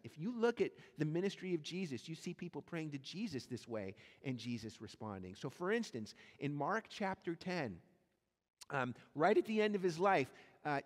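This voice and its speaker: A male pastor preaching a sermon, animated and acting out the voices in the stories he tells. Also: on the high side. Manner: animated, acts out quoted voices in his storytelling. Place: church sanctuary. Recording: long church hall reverb.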